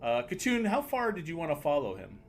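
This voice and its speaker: A man runs a tabletop game as dungeon master, his fairly high voice swinging up and down as he narrates. He halts often with fillers and slips into laughter, with faint music behind. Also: wildly swooping pitch, fairly quick.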